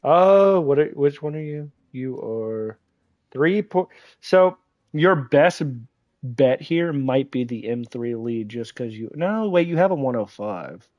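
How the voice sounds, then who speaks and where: A man streaming a game, talking casually in a profane, excitable, teasing way, with congested sinuses. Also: medium pitch, slow pace, no room sound, dull audio. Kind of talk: casual gaming livestream commentary.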